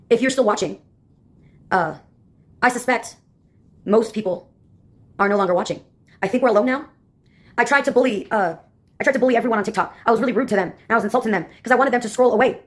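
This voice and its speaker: A woman talks fast in a casual vlog, rambling and sarcastic, her voice sitting a little high. She keeps stopping on filler sounds before pressing on with her story. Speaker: vlogger.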